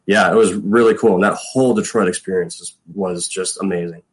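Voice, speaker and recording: A middle-aged man with a very low voice recounts his football days in a relaxed interview. His talk rambles along with plenty of fillers, and he acts out what others said to him. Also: a little fast, breathy edge, low-quality recording. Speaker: guest, former pro football punter. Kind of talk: casual storytelling interview.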